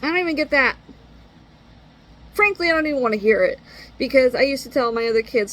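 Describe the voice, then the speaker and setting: A woman's voice: high-pitched, expressive, a little fast, long pauses, fairly bright tone, low-quality recording. A middle-aged woman venting in an exasperated, blunt monologue and swearing freely. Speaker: parent venting.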